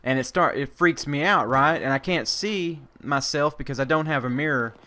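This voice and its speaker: A man's voice: a little high, normal speed, sharp tone. Rambling man telling an army story. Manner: rambling, many fillers and restarts; swears casually. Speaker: army veteran vlogger. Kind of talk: casual storytelling.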